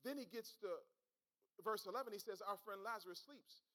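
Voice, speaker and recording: A man preaching a sermon, swinging from quiet storytelling to shouted call-and-response. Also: high-pitched, a little fast.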